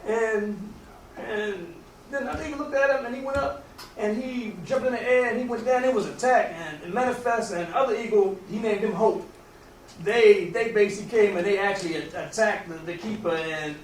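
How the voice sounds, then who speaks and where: A man with a fairly high voice tells a long story in a loose, rambling way, often restarting his sentences. He sounds distant from the mic, in a roomy space with a faint hum of noise behind him. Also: normal speed. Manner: rambling, with many restarts and casual grammar. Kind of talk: casual oral storytelling.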